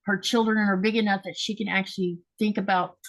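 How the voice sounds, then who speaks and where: Middle-aged woman host, relaxed, asks questions, medium pitch. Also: a little fast. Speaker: podcast host. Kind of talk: interview questions.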